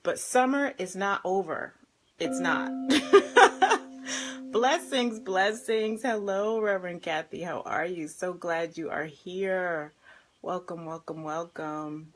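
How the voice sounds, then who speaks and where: A woman life and health coach on a live stream, bubbly and effusive, warmly greeting viewers by name and laughing often. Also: mid-range voice, lively intonation, takes it slowly, over music.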